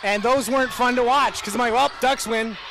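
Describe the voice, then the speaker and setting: A man's voice: extremely high pitch, fairly even intonation, brisk, creaky, background noise. A man calling a college volleyball match in a casual, jokey, rambling way. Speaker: play-by-play commentator. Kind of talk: casual sports commentary.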